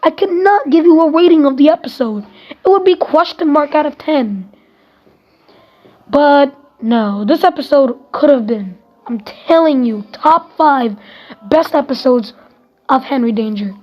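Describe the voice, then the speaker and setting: A woman's voice: high voice, unhurried. A woman giving a casual spoken review of a TV episode, exasperated and emphatic, ranting and swearing casually. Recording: dull lo-fi recording.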